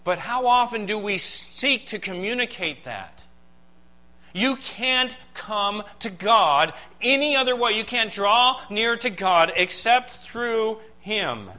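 Man, pastor, sermon, emphatic, rhetorical questions, highish pitch, bright tone. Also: lively intonation, rough recording. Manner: emphatic preaching with dramatic pauses and rhetorical questions.

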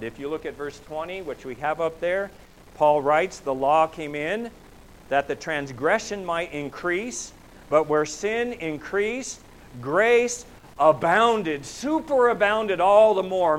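A man preaching a sermon, his voice sitting somewhat high for a man. He poses rhetorical questions and lifts his voice to press his points. A faint hum of ambience lies under the recording. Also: poor audio. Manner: rhetorical questions, voice rising for emphasis. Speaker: pastor.

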